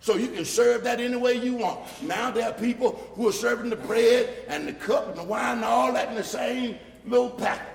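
A male pastor preaching a sermon, building from quiet explaining to loud shouted points and mocking the voices of critics. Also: very high-pitched, fairly quick, vocal fry, few pauses. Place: church sanctuary. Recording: echoey hall from far off.

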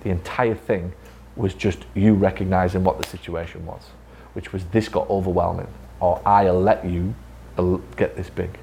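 A man's voice: deep voice, steady tone, normal speed, vocal fry, a little mellow, slight background noise. A man training clinic staff in a casual talk, swearing freely and acting out conversations. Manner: blunt, swears freely, acts out dialogue. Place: physiotherapy clinic room, with staff.

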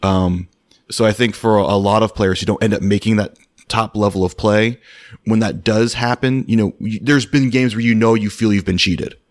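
Low-voiced man hosting, full of fillers. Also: fairly even intonation. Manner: measured, circles round with many fillers. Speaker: podcast host. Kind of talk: casual podcast chat.

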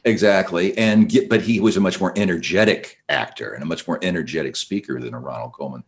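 A man's voice: sits low, a little fast. A man, a biographer guest on a radio show, explaining history in a thoughtful storytelling way. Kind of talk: radio interview.

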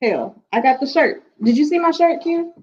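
A woman co-host banters in a teasing, blunt way. Her fairly high voice swings widely. The audio is dull and lo-fi. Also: animated, normal speed, darkish tone. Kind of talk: casual chat.

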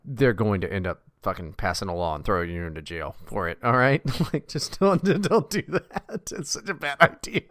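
A man's voice: fairly low pitch, sing-song, moderate pace, hardly any pauses, a bit bright, no room sound, clean studio sound. A man co-hosting a podcast, talking bluntly and profanely, mocking and ranting in casual chat. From West Virginia. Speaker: podcast co-host.

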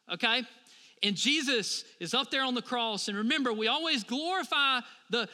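Man, pastor, sermon, fairly high voice, checks in with listeners, long hall reverb. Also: pushed and bright. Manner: conversational, asks the congregation for responses.

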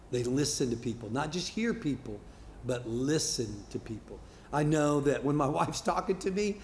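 A man's voice: mid-range voice, a little mellow, roomy sound, slight background noise. A middle-aged man preaching a sermon as pastor, talking in a conversational way, often repeating words and acting out quotes. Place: church sanctuary.

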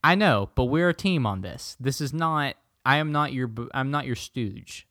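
A man bantering on a casual podcast, his voice sitting at an ordinary middle pitch. The recording is dry and close, with no room sound. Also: animated, moderate pace, sharp tone, no echo. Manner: joking, puts on silly impressions. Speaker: podcast co-host.

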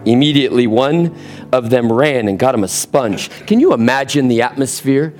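A man preaching a sermon to a live congregation, energetic and calling for responses. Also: medium pitch, moderate pace, soft background music. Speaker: pastor. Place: church sanctuary with congregation.

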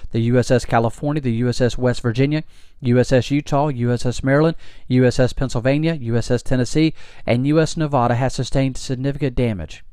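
A man's voice: mid-range voice, a little mellow, clean tone, no room sound, studio quality. A man giving an impassioned patriotic speech, earnest and emphatic, often restarting his sentences. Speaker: speaker.

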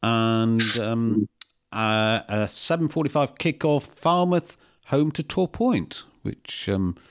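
Co-host, steady fixture reader, man with a hesitant delivery. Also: mid-range voice, clear, resonant tone. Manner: measured, reads fixtures out, hesitant with "um" and "uh". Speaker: co-host of a local football podcast. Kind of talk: casual chat.

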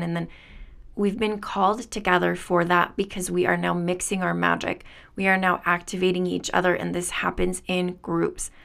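A woman's voice: lowish voice, gravelly, fairly bright tone. A woman hosting a spiritual podcast, talking in an earnest, enthusiastic way and laughing often. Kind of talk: reflective spiritual monologue.

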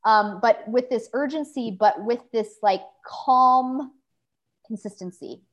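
A woman's voice: on the high side, takes it slowly, dull audio. Earnest woman talking about her business. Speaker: interview guest, business owner. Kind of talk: casual interview chat.

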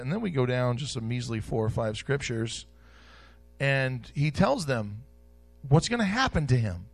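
A man preaching a sermon in a church, repeating key phrases and swinging between loud declarations and soft asides. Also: medium pitch, animated, moderate pace, vocal fry, faint music behind.

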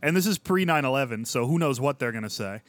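A man's voice: mid-range voice, lively intonation, quick pace, no room sound. A man co-hosting a comedy podcast, rambling in casual banter with lots of filler words. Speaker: podcast co-host.

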